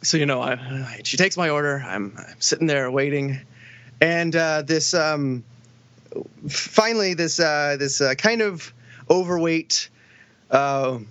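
A man's voice: fairly high pitch, unhurried, a bit bright, no room sound. A young man co-hosting a podcast, telling rambling stories with lots of swearing and laughter, on a dull lo-fi recording. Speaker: podcast co-host. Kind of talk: casual chat.

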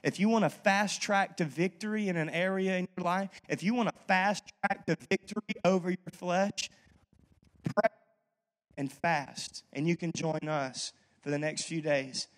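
Conversational preaching man, slightly high voice. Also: unhurried. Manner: conversational, lively storytelling with frequent "okay?" asides. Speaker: pastor. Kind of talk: sermon. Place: church.

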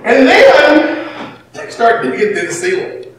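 Man, pastor, sermon, very high voice, shouts then drops to a hush, echoey hall from far off, faint room noise. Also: unhurried. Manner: animated, swings between shouting and near-whispering.

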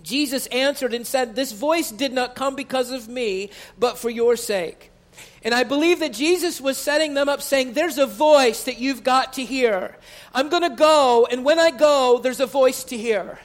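A man delivers a sermon in a church sanctuary. His voice sits very high, and he stretches the key phrases as his preaching builds in intensity. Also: moderate pace. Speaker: pastor.

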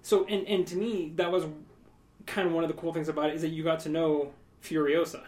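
A man's voice: on the high side, flat delivery, brisk, a little mellow. A man co-hosting a podcast in casual chat, rambling along with joking asides. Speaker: podcast co-host.

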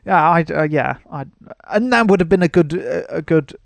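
A podcast host rambles through a film review, often laughing and restarting his sentences. His voice sits a little high with a gravelly fry. The mic is close and dry. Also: animated, normal speed, no echo. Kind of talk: casual film-review chat.

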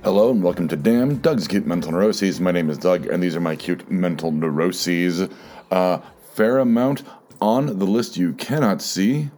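A man hosting his own podcast, talking alone in a halting, rambling way with many fillers and restarts, a slight frog in his throat. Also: sits low, darkish tone, faint music behind. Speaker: podcast host. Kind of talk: casual solo monologue.

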